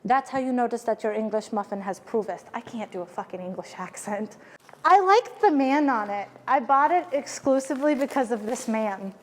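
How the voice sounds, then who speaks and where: A woman's voice: a little high, animated, moderate pace, in a large hall, slight background noise. A woman chatting playfully while she cooks, joking and rambling through asides. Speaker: home cook vlogger. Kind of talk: casual cooking vlog chat.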